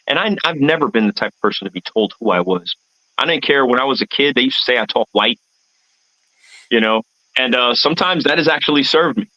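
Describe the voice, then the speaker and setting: A man's voice: medium pitch, moderate pace, no echo. Man from the US, reflective interview guest, searching for words, dull lo-fi dry recording. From United States. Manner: rambling, earnest, searching for words. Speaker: guest, artist and event MC.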